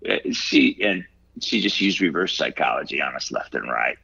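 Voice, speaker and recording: A man in his sixties from Ohio, a guest talking casually in an interview, halting and reflective with many fillers and restarts. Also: a bass voice, lively intonation, gravelly, bright, forceful tone, breathy edge, dry recording, muffled recording. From Ohio, USA.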